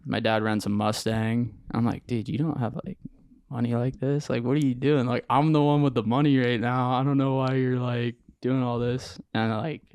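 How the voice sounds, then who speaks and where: A young man, a podcast guest, telling his story in an animated, slangy way with lots of acted-out quotes. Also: mid-range voice, moderate pace, smooth, dry recording, studio quality. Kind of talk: casual storytelling interview.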